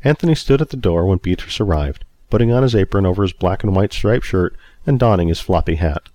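A man narrating a story in a steady, even reading voice. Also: low voice, fairly quick.

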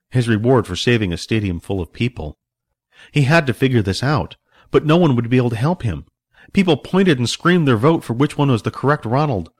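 A man reading a story aloud as narrator, voicing the characters himself. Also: mid-range voice. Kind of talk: audiobook narration with voiced characters.

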